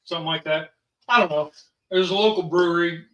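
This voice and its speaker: A man's voice: on the high side, brisk, fairly bright tone, lo-fi sound. A father hosting a family vlog, chatting casually and rambling with plenty of ums and sos. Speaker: father and channel host. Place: home kitchen. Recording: roomy, from a distance.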